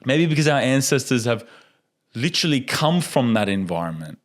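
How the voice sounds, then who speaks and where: A young man, a guest on a podcast, tells a casual story with energy, laughing often and acting out the lines of the people involved. His voice is mid-range for a man, a bit sing-song, at a moderate pace.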